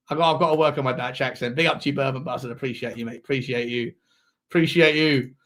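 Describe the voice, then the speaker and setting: A man hosting a live football watchalong, calling the match and chatting to viewers, with sudden loud shouts when chances come. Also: mid-range voice, fast. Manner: excitable, shouts at big chances, chats to viewers.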